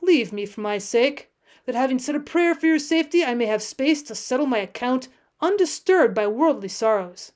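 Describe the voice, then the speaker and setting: A woman reading as a calm dying old hunter. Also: sits high, normal speed. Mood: solemn. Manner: solemn, pleading, archaic speech.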